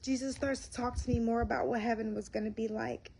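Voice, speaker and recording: A woman speaking live to her viewers from home, slow and earnest, audibly emotional and near tears as she shares a personal faith experience. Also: a little high, fairly even intonation, a little mellow, breathy edge. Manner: slow, tearful, heartfelt and earnest. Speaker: faith livestream host. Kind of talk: emotional live-stream testimony. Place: home, indoors.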